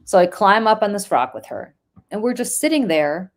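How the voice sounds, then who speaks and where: A woman's voice: mid-range voice, animated, normal speed. A middle-aged woman hosting a podcast, talking earnestly and telling stories in casual chat. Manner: earnest, storytelling, repeats phrases. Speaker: podcast host.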